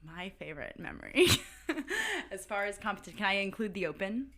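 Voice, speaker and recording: A woman's voice: medium pitch, sing-song, fairly quick, a bit bright. A woman in her thirties, a podcast guest chatting casually and telling stories, filling her talk with "like". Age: 30s. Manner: chatty storyteller, heavy use of "like". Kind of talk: casual interview chat.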